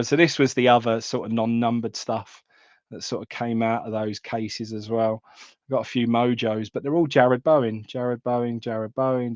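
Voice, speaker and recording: A man's voice: medium pitch, darkish tone, dry recording, highs cut off. Chatty man hosting a card stream. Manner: chatty, calls viewers mate. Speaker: card breaking live stream host. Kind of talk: casual live stream chat.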